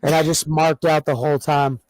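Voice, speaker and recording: Man, co-host, casual podcast chat, rambling excitable storyteller, slightly high voice, dry close sound. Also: brisk, no room sound, low-quality recording.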